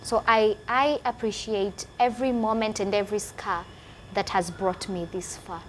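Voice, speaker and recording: A woman's voice: medium pitch, steady tone, moderate pace, fairly bright tone, a little hiss or hum. Earnest woman in her twenties. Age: 20s. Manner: emotional, earnest, repeats phrases for emphasis. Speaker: guest. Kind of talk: personal testimony interview.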